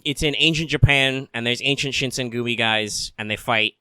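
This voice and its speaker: Bright, dry-sounding male podcast co-host. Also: mid-range voice, normal speed, smooth, no room sound. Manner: rambling, filler-heavy, wry. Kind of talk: casual chat.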